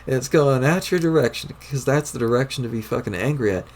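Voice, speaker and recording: A man voicing a mellow, foul-mouthed young male troll clown while reading a webcomic aloud, with a drawling, laid-back delivery. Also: medium pitch, fast talker, natural voice.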